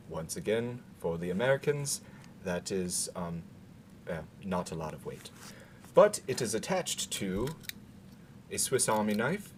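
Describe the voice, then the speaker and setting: A man speaking in a put-on British accent, rambling through a casual gear walkthrough with halting fillers and dry asides. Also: on the low side, slight background noise. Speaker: gear demonstrator.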